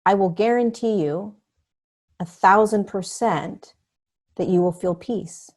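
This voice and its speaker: A middle-aged woman talking as a podcast guest, earnest and animated, acting out the voices of other people. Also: mid-range voice, slow pace. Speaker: podcast guest, spiritual teacher. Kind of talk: conversational interview.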